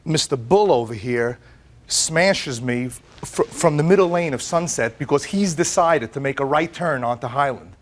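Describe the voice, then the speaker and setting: A middle-aged man testifying as plaintiff in a courtroom, telling his story in an animated way, acting out what others said, often repeating words and restarting. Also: mid-range voice, moderate pace. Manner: animated storyteller, quotes others in lively voices.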